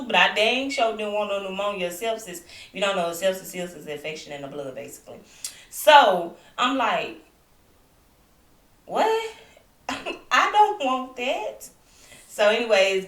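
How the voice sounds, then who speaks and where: A woman's voice: medium pitch, recorded from a distance. A young woman vlogging at home, chatting animatedly about being sick while still recovering with a lingering cough. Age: young adult. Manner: chatty, animated retelling with asides to viewers. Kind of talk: casual storytelling to camera. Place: home, indoors. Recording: echoey room, voice off-mic.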